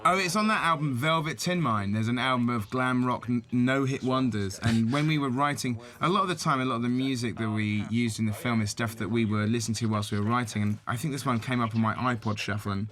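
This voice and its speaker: A man's voice: mid-range voice, fast talker, few pauses, a bit bright. A man in casual film-commentary chat, rambling with many fillers. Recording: faint music behind.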